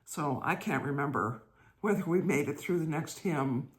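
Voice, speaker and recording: A woman's voice: deep voice, expressive, moderate pace. Chatty older woman telling a story. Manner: gentle, chatty, laughs while telling. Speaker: host. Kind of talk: casual storytelling monologue.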